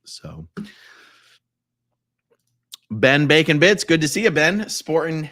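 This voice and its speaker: A man hosting a casual live stream, his pitch leaping around as he chats and jokes. He reads viewer comments out loud, shifting from loud exclamations to quiet mumbled asides. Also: very animated, takes it slowly. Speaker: livestream host.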